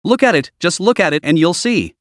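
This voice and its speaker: An eager young opera actress, as a narrator puts her on, pitched up and trembling. She speaks eagerly and insistently. Her pitch swings widely. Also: lively intonation, a little fast, dry recording, clean studio sound. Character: passionate young female opera performer.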